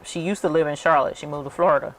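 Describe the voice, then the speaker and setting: A woman's voice: low-pitched, steady tone, fast talker, a little hiss or hum. A woman hosting a crafting channel, telling a story in a chatty, casual way and calling her viewers y'all. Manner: chatty, addresses viewers as y'all, many fillers. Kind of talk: casual storytelling while working.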